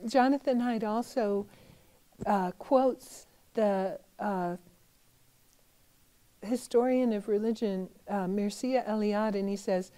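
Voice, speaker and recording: A middle-aged woman, a Buddhist teacher, giving a gentle, thoughtful talk in a conversational way with small fillers. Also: medium pitch, slow pace, poor audio. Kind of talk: reflective talk.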